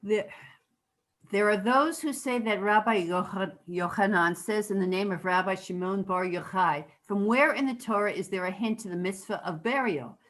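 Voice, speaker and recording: Woman student reading out loud on a video call, careful and steady, mid pitch. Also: normal speed, poor audio. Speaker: student reading aloud in class. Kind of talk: reading a text aloud.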